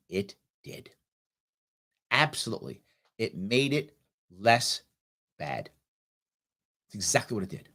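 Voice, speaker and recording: A middle-aged man hosting a talk show, giving an emphatic motivational monologue and acting out quoted voices. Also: fairly low pitch.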